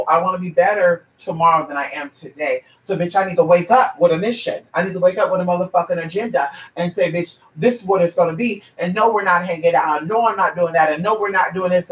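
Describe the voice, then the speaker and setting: A man's voice: high-pitched, fairly bright tone, far from the mic. A man ranting in a blunt, profane and sassy way, lecturing a listener as a paid advisor. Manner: brassy, profane, sassy and preachy. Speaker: paid advisor answering viewer questions. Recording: echoey room, away from the mic.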